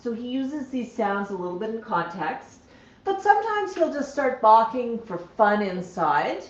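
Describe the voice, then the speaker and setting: A woman's voice: fairly high pitch, big pitch swings, a little slow. A woman hosting a casual livestream from home, cooing to her pet parrots and chatting plainly to viewers. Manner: coos and baby-talks to her birds, then chats plainly. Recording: dull, roomy home recording.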